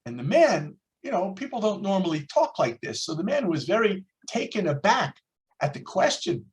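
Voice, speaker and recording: A man's voice: sits high, moderate pace. An older American man teaching a Torah class over a video call, telling stories and acting out the people in them. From United States. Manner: storytelling, lively, acts out quoted voices. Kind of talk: online class lecture.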